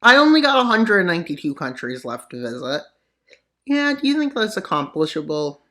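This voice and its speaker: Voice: big pitch swings, normal speed, pushed and bright. A channel host narrating a map scenario in joking commentary, full of sarcastic asides and mock-serious mutters. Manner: voice jumps up for punchlines, drops low for mutters. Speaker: mapping video narrator. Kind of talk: joking geopolitical commentary over maps.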